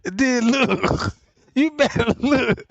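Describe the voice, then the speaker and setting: A man with a high voice riffs through a comic bit, animated and full of slang. He keeps breaking into laughter, recorded close and dry. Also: drawn-out words, creaky, dry recording, lo-fi sound. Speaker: streamer. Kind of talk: casual comedic riffing.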